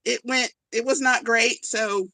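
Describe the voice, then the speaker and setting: A woman with a slight Southern lilt co-hosts a home crochet livestream. She is upbeat and quick to giggle as she reads viewer comments. Her voice is bright and a little high, recorded close and dry. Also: fairly even intonation, no room sound, poor audio. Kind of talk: casual livestream chat.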